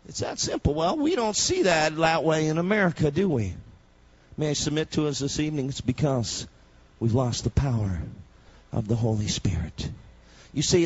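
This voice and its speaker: Husky-voiced male preacher, shouting sermon. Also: mid-range voice, highs cut off. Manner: swings from soft storytelling to shouted proclamation.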